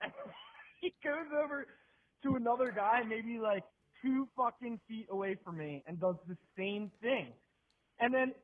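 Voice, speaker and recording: A man ranting with profanity, casually and comedically, and acting out the people in his stories. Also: sits high. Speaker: segment contributor. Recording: tinny phone-like audio.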